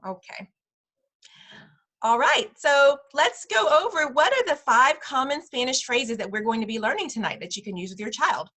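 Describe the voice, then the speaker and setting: A woman teaching a parents' class over a video call, pitched a little high with a bright, clear edge. She talks patiently and models each sound slowly, repeating words so her students can follow. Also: animated. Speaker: preschool director teaching a parent Spanish class. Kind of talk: online class instruction.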